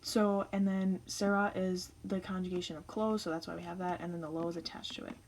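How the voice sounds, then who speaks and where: A woman's voice: on the low side, flat delivery, fairly quick, darkish tone, a little hiss or hum, low-quality recording. A young woman teaching Spanish grammar in a casual, chatty explainer style, walking through each step.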